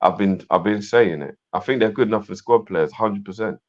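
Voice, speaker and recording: A very deep-voiced man co-hosts a chatty live stream, rambling with restarts and filler phrases. His sound is dull and lo-fi. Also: brisk. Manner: rambling, repeats words, fond of filler phrases. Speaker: co-host. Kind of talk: casual live-stream chat.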